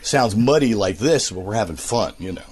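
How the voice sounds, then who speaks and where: A man's voice: lowish voice, normal speed, husky. A man, a voice actor and radio host, chatting casually at home while a little out of breath from a cold, telling rambling stories. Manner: animated, rambling storyteller who slips into impressions. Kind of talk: casual interview chat. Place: at home, walking around.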